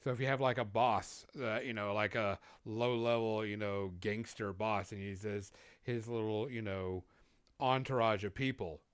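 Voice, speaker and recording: A man's voice: lowish voice, steady tone, moderate pace, clear, resonant tone, no room sound. A man on a gaming podcast, rambling casually with many fillers. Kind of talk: casual chat.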